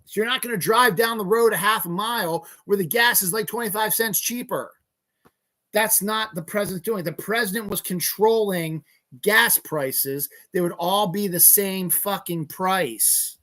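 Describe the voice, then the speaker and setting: A man hosting a solo podcast, ranting angrily with heavy swearing and sudden bursts of yelling. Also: high-pitched, unhurried. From Eastern United States. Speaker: podcast host. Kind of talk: solo rant.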